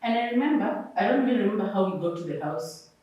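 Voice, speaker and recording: A young Kenyan woman tells her story in a warm, mellow voice, acting out what others said to her. She sits a little away from the mic, and the room rings with heavy echo. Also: medium pitch, fast talker, muffled recording. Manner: expressive, acts out quoted people. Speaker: guest mother sharing her story. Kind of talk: personal storytelling interview. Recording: echoey room, far from mic.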